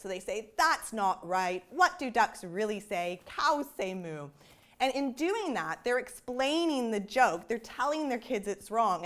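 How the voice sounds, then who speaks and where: Higher-voiced woman explaining research. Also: fairly bright tone. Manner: explanatory, conversational, with frequent "you know" asides. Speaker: developmental psychologist giving a talk. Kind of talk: public science talk.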